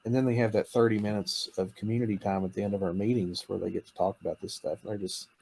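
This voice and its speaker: A man's voice: fairly low pitch, fairly even intonation, fast talker, vocal fry, dark tone, breathy edge. A man who works in campus ministry, talking in a casual interview, eager and upbeat, laughing often and acting out the voices of others. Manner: enthusiastic, laughs often, acts out students' voices. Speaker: campus missionary.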